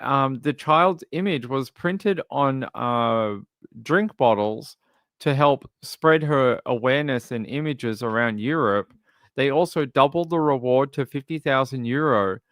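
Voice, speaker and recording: A man's voice: mid-range voice, a bit bright, dry recording. An Australian man hosting a true crime livestream, reading out case details and then chatting loosely with viewers in a rambling way. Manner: rambling, reads news aloud then chats to viewers. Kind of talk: casual livestream commentary.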